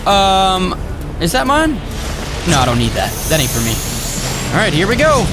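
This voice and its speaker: A man giving let's play commentary as a gaming YouTuber, excitable, exclaiming and talking to himself as he plays. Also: sits high, moderate pace, long pauses. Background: loud game music.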